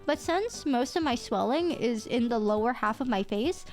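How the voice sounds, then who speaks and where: A young woman streamer telling stories in casual chat, animated, laughing often and swearing casually. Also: a little high, moderate pace, soft background music.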